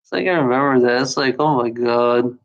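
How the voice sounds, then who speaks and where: A woman's voice: very deep voice, a little fast, lo-fi sound. A woman in a casual rambling monologue, swearing freely and often breaking into laughter.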